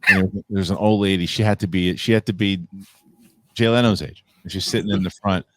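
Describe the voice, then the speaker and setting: A man's voice: sits low, steady tone, a little fast, slight background noise. A man hosting a podcast, telling a story casually with some swearing and laughing. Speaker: podcast host. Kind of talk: casual chat.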